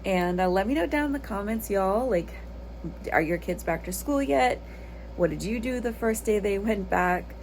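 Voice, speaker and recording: A woman's voice: medium pitch, expressive, normal speed, a little mellow, a little hiss or hum, rough recording. A woman, a mother chatting casually to her viewers in a home vlog, rambling and talking straight to the camera. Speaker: lifestyle vlogger and mother.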